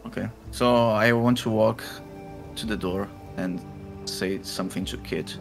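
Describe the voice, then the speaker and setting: A man's voice: fairly low pitch, steady tone, a little slow, vocal fry, over music. A man playing in a tabletop role-playing game, joking with the table. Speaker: player.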